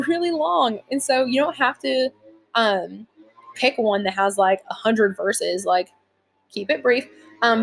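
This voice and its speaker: A young adult woman teacher giving a casual recorded lesson from home, chatty and informal, with many fillers. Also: mid-range voice. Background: leaf blower outside.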